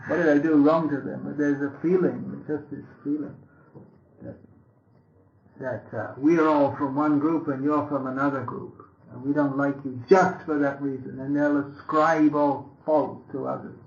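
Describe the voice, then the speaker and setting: A man's voice: mid-range voice, unhurried, creaky. A man from England, giving a wry, conversational sermon on scripture with many restarts and asides. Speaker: lecturer on scripture. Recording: lo-fi echoey room recording.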